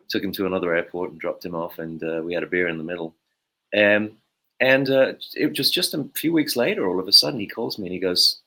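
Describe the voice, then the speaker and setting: A man's voice: low voice, pushed and bright. Man rambling through a story. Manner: rambling storyteller, many fillers. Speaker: guest bassist. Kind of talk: anecdotal interview talk.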